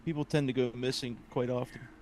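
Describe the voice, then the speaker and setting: A man speaking in character as a player in a tabletop game, low-key and quiet. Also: little pitch movement, brisk, a little hiss or hum.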